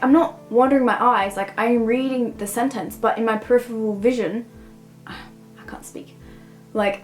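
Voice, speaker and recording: A young woman with a somewhat high voice rambles through a casual book review, throwing "like" into nearly every thought. Faint music sits quietly under her talk. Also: poor audio. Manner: rambling, heavy use of "like".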